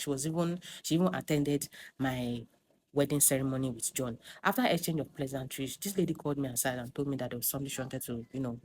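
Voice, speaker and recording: A woman's voice: extremely low pitch, darkish tone, slight background noise. A young woman, telling her own story in an emphatic, dramatic way to a phone camera. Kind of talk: personal storytime confession.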